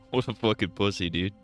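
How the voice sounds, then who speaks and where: A man streaming a game, talking casually and crudely, rambling and joking as he plays. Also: on the low side. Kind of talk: casual gameplay commentary.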